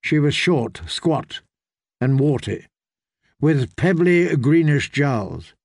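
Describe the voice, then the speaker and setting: A man narrating a dark fantasy tale in a measured storytelling voice. His pitch sits a little high for a man, and the recording is dry and close. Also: lively intonation, vocal fry, no echo. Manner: measured storytelling, voicing characters. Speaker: audiobook narrator.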